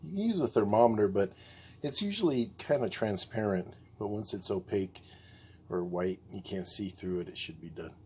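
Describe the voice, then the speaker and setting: A very deep-voiced man talks easily through a home cooking demo, calling each dish beautiful as he goes. He sounds relaxed and unhurried in his own kitchen. A faint pan sizzle stays in the background. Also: slight background noise. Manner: easygoing, keeps calling the food beautiful. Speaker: home cook hosting a cooking video. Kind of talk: casual cooking demonstration.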